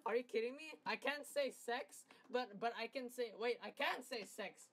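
A young woman giving casual gameplay commentary, swearing and trash-talking rivals crude and loud, with bursts of laughter. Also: on the high side, moderate pace, slight background noise. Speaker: gaming commentator.

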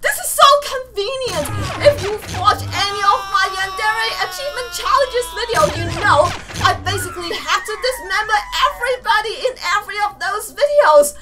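Very high-voiced excitable woman gamer. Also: normal speed, few pauses. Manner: excitable, laughing and shouting. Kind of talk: let's play commentary. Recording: distant mic with game music. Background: game music.

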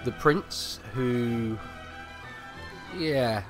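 A man's voice: medium pitch, extremely slow. A man casually commenting on a game he is playing, joking dryly with filler words. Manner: wry, joking asides with fillers. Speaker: let's play host. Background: game music.

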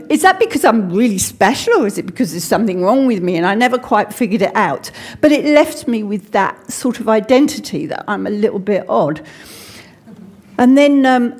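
An English woman preaching a sermon in a church, talking conversationally with personal stories and frequent restarts. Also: mid-range voice. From England.

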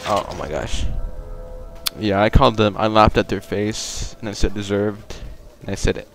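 A young man giving casual, profane, joking commentary while playing a game online, rambling and bursting into loud excitement. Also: fairly low pitch, moderate pace, vocal fry, music in the background. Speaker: gaming video creator.

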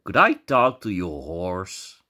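A man voicing a calm, polite male stranger who asks mild questions. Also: deep voice, takes it slowly, full character voice.

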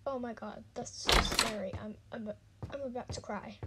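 A young woman casually reacting out loud to a horror game, jumpy and squealing when startled, muttering asides in between. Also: on the high side, fairly even intonation, normal speed. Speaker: gaming channel host. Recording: noisy home recording.

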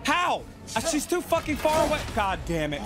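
A man playing a video game, cursing and yelling at the screen in frustrated live commentary. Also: very high voice, big pitch swings, normal speed, loud music behind the voice. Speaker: gaming channel host. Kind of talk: profane live gameplay commentary. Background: loud game soundtrack.

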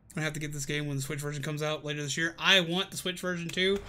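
Playful high-pitched male gamer. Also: level tone, racing, sharp tone, slight background noise. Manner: playful, talks to enemies, sing-song noises. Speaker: gaming streamer. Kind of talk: casual gameplay commentary. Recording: game music behind the voice.

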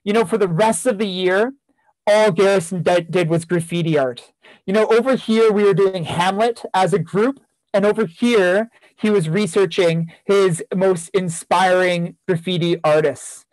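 A man's voice: high voice, fairly even intonation, a little slow, darkish tone, no room sound, poor audio. A man giving a keynote talk, earnestly telling a story from his years as a teacher, with repeated phrases for emphasis. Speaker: keynote speaker, former teacher.

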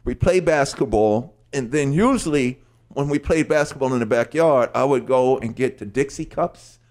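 A middle-aged man telling a story on a podcast, animated, acting out lyrics and voices as he goes. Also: mid-range voice, moderate pace. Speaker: guest storyteller.

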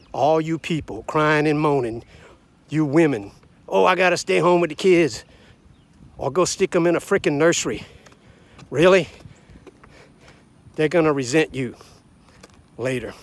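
A man in his sixties or seventies from the United States, delivering a blunt, combative, preachy rant straight to camera. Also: mid-range voice. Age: 60s to 70s. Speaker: vlogger. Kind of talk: ranting monologue to camera.

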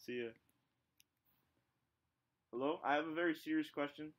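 A man's voice: fairly high pitch, moderate pace. A man pranking strangers on a video chat, playful and mock-menacing as he jokes with them. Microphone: computer mic on a video chat.

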